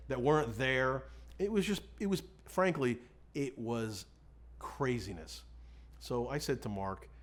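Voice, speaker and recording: Middle-aged man, frank animated storyteller. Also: mid-range voice. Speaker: defense lawyer. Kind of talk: candid recollection in an interview.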